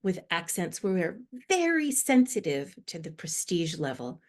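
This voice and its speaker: A woman's voice: lowish voice, a little slow. A middle-aged woman from the United States, a guest expert explaining earnestly in a podcast interview. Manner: earnest, animated explaining with rising emphasis. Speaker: guest expert on inclusive language.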